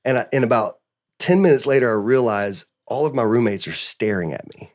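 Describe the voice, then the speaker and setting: A man guest on a podcast, telling a personal story in an animated, earnest way, often acting out what others said, with emotional restarts. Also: medium pitch, a little fast. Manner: animated storyteller who acts out other people's lines. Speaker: interview guest.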